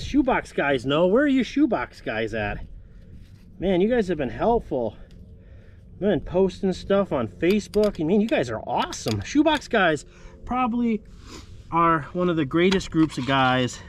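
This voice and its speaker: A man hosting a casual car restoration vlog, talking to viewers in a chatty, jokey way while he works outdoors in a yard. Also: mid-range voice. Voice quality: deaf in one ear. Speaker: car restoration channel host. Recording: wind and work noise outdoors.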